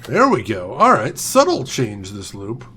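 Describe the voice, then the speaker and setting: A man's voice: medium pitch, wildly swooping pitch, a little slow, bright, forceful tone. A man hosting a let's play, musing and chatting aloud while he plays. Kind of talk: casual gameplay commentary.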